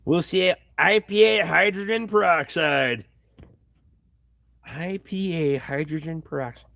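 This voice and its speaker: Speaking a bit slowly with vocal fry, a man with a fairly bright, higher-leaning voice reads his livestream chat aloud, and the recording is dry. It's a casual, profane stream shot on a tripod camera in his home workshop, where he swears freely and bluntly.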